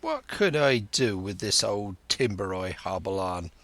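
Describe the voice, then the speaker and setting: A man's voice: fairly low pitch, very animated, unhurried, a bit bright, no room sound, voice pushed down. A man voicing an older, crafty one-legged pirate cook who blusters in thick sea slang, for an audiobook. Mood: wheedling.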